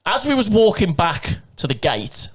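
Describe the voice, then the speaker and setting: A man's voice: high-pitched, huge pitch swings, normal speed. Man telling a rambling story. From England. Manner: rambling anecdote with swearing and acted-out quotes. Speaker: podcast co-host. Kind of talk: casual storytelling chat.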